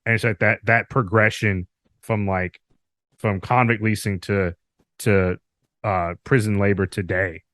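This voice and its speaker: A man's voice: lowish voice, steady tone, unhurried, a bit bright, no echo. A man hosting a podcast, talking loosely with lots of fillers and some swearing. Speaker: podcast host. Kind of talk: casual podcast chat. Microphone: remote call mic.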